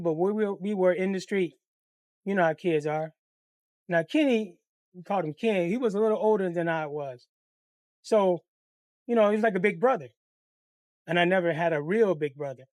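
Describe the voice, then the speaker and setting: A high-voiced man, a channel host, tells a personal story in a casual storytime monologue, swearing freely. He's animated and acts out the voices of the people involved; the recording is dry and studio quality.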